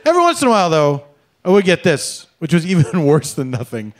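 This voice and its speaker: A middle-aged man performing a stand-up comedy set on a club stage, with an animated, exaggerated, mock-polite delivery. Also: a little high, quick pace.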